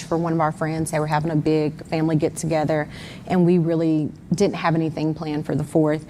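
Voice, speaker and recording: A woman's voice: sits low, a little mellow, in a large hall, slight background noise. A mother recounting step by step, with exact times, what happened the day her son went missing. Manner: detailed, step-by-step retelling with times. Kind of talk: recounting events in an interview.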